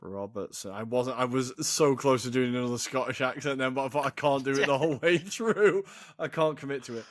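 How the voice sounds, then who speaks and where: A man's voice: medium pitch, brisk, dry recording, studio quality. Swearing, chatty podcast host man. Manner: thinks aloud, swears freely. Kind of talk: casual football chat.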